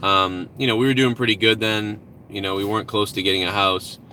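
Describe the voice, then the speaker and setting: Brief: male streamer, bright and forceful, slightly low voice, rambling and profane, outdoors with faint traffic behind. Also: steady tone, fairly quick. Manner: rambling, profane, reads out donations. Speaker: live-stream host. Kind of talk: casual live-stream chat.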